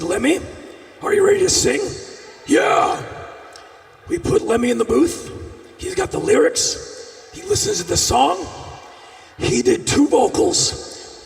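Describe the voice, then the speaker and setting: A man performing a live storytelling monologue on a festival stage, animated, with bursts of shouting. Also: extremely high pitch, gravelly. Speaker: spoken-word performer. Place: large outdoor festival stage. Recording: echoey stage sound from a distance.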